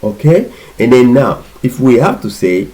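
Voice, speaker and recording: A man giving an informal language lesson, patiently repeating words in slow drills. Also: mid-range voice, big pitch swings, dark tone, poor audio. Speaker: language teacher.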